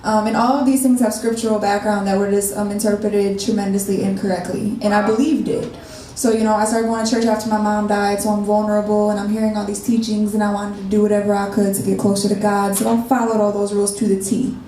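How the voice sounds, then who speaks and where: A woman's voice: mid-range voice, quick pace. A young woman in casual conversation, telling her personal story and acting out the dialogue as she speaks. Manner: animated, acts out quoted dialogue. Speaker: interview guest. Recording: echoey room from far off, faint noise.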